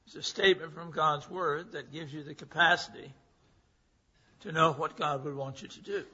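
A man's voice: a little high, normal speed, sharp tone, breathy edge. A man preaching a sermon as pastor, teaching by asking and answering his own questions. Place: church sanctuary. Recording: dull long-reverb church hall recording.

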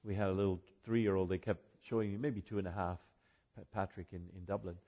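A man's voice: low-pitched, fairly even intonation, fast talker, muffled recording. An older man giving an informal talk to a group, rambling with asides and self-corrections. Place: room with an audience.

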